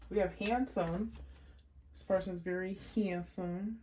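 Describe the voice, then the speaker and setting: A woman giving a casual pick-a-card tarot reading, chatty and unhurried as she lists card words one by one. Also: medium pitch, fairly even intonation, warm tone, a little hiss or hum. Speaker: tarot reader.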